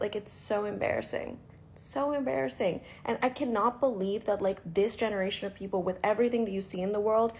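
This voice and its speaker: A woman's voice: mid-range voice, darkish tone, slight background noise. A young woman from India telling a casual storytime rant, exasperated and full of "like" fillers. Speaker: vlogger.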